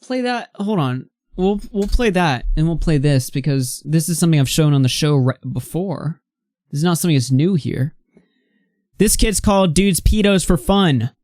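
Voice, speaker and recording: A woman's voice: low-pitched, animated, moderate pace, a little mellow, dry recording, clean studio sound. A young woman in her late teens hosting a live online commentary stream, reading posts aloud and ranting bluntly with plenty of swearing.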